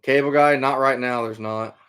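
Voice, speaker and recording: A man's voice: mid-range voice, fairly even intonation, normal speed, fairly bright tone, clean tone. Middle-aged guy from iowa, laid-back livestream chat, rambles with lots of uhs and ums. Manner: easygoing, rambling, with frequent fillers. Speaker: livestream host, trapper and hunter. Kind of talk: casual livestream chat answering viewer comments.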